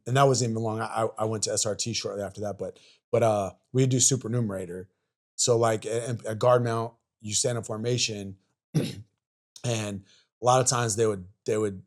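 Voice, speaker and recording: A man in his forties, a podcast guest and army veteran, telling stories in a rambling, profane way with lots of fillers and restarts. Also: on the low side. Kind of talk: casual storytelling chat.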